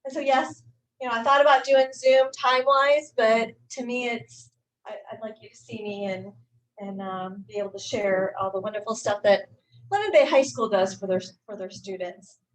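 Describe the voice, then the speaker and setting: A middle-aged woman, a high school staff member, giving an informal, halting talk to a club meeting, with many fillers and restarts. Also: low-quality recording.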